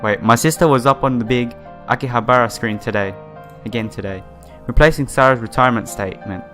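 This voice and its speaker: An earnest, lonely young idol hopeful speaks her inner thoughts in a steady, unforced tone, as a male gamer reads her lines in his own voice. Soft game music plays faintly behind. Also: mid-range voice, brisk, close to an everyday voice. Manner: plain read-aloud delivery in his own voice.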